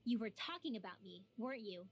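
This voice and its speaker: An actress playing a sharp-tongued young female mage in a game, dry and teasing. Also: mid-range voice, expressive, quick pace, heavy background noise, close to an everyday voice. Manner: dry, teasing, matter-of-fact. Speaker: game character. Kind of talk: game dialogue acting. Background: game music.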